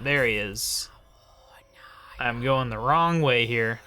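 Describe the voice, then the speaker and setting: A man giving casual, low-key commentary while playing a game late at night, often muttering quiet asides. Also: slow pace, pauses often, faint music behind. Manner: mumbles quiet asides, sometimes whispers. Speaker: let's play host.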